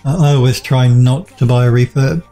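A man talking casually on a live stream, reading out chat messages and answering them between pauses. His voice is dark and gravelly and sounds a little worn, as he is losing it. Faint music plays behind him. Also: mid-range voice, steady tone. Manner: reads out chat messages and answers them, with many fillers and restarts. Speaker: game developer streaming live.

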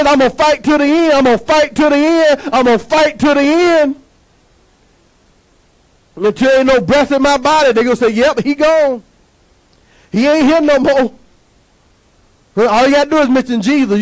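A man preaching a sermon as pastor, emphatic and lively, asking the congregation to answer back. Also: very high-pitched, fairly quick, poor audio.

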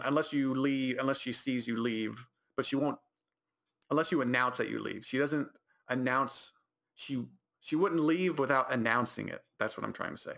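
A young man tells a comedic story on his podcast in a rambling, animated way, restarting his sentences. His voice has a gravelly fry and a bright, forceful edge at mid pitch. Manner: rambling, animated, self-correcting. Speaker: podcast host.

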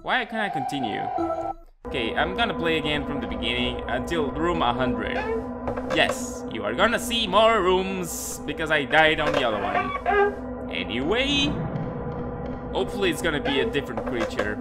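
A man's voice: a little high, very animated, normal speed. A man commenting on a horror game as he plays, swearing and yelping at the scares. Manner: jumpy, yelps and swears at scares. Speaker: gaming video creator. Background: loud game music.

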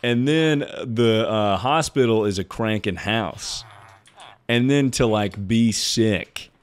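A man's voice: lowish voice, takes it slowly, clear, resonant tone. A man streaming live, chatting casually with his viewers in a rambling, joking way with plenty of swearing. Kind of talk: casual livestream chat.

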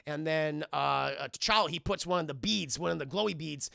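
A young man streaming a rambling, profane film recap to his chat, full of fillers and sudden loud voiced impressions. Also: moderate pace, creaky, few pauses, no room sound, studio quality. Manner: jumps into loud high-pitched impressions of characters. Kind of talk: animated recap with voiced quotes.

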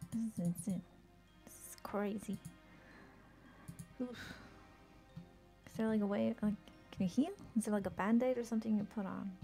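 A woman streaming a game live, chatting excitedly and swearing, sick with a headache. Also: medium pitch, vocal fry. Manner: excitable, swears often, laughs, trails off. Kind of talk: live gameplay commentary.

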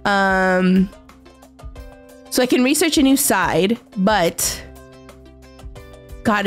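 A young woman streaming a game, chatting casually and excitably with her viewers, often giggling. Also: mid-range voice. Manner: excitable, giggly, talks to chat. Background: faint background music.

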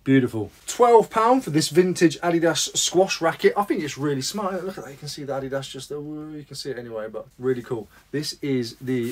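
A man's voice: fairly high pitch, lively intonation, fairly quick, hardly any pauses, a little hiss or hum. A man chatting casually in a vlog about his sales, rambling and making self-deprecating asides. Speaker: reseller vlogger.

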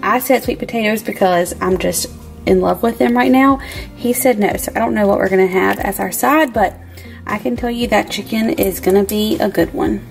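A woman's voice: medium pitch, normal speed, creaky, faint music behind. A woman, chatting upbeat in her home kitchen while she cooks for her vlog. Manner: chatty, upbeat, says "y'all". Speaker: vlog host. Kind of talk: casual cooking vlog chat.

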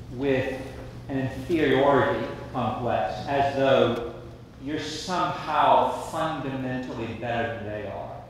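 Man, panelist, firm, preacherly, very slow, far from mic, echoey hall. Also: medium pitch, slight background noise. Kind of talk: earnest conference answer. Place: large conference hall.

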